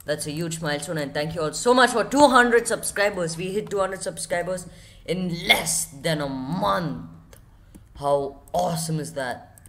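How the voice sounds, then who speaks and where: A male gaming host giving casual gameplay commentary, excitable, yelping high and repeating himself. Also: a little slow, gravelly. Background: game music playing under the voice.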